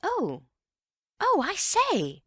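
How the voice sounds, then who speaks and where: A woman doing an eager, excitable young man. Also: on the high side, no room sound, clean studio sound, voice pushed up. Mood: excited. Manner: eager, quick exclamations.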